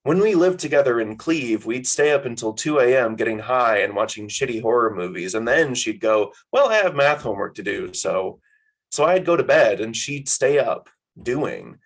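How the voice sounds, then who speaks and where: A man's voice: medium pitch, moderate pace, rough recording. A man reading his own fiction aloud at a story hour, in a casual, wry first-person style.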